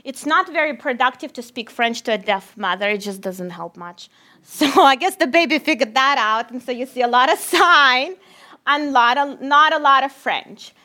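A woman researcher with a Russian accent giving a lively lecture, addressing the audience as "my friends". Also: sits high, moderate pace.

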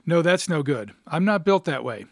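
A man's voice: on the high side, sing-song, moderate pace, creaky, no room sound, clean studio sound. A man voicing a bored, mild-mannered young bachelor. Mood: weary. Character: bored young bachelor, weary then eager.

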